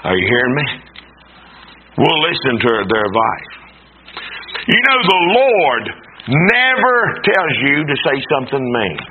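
A man's voice: medium pitch, huge pitch swings, a little slow, pauses often. A man preaching a sermon, swinging his delivery up and down and firing rhetorical questions at the congregation. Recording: tinny phone-like broadcast sound with faint noise.

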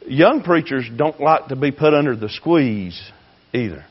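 A man preaching a fiery sermon, swinging between shouting and hushed tones. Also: medium pitch, animated, measured pace, breathy edge, highs cut off. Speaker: pastor.

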